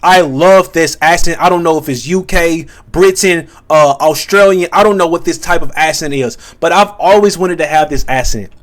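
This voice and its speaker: A man's voice: on the high side, normal speed, few pauses. A man hosting a reaction video, talking in a rambling, casual way with lots of fillers and swearing. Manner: rambling, profane, many fillers.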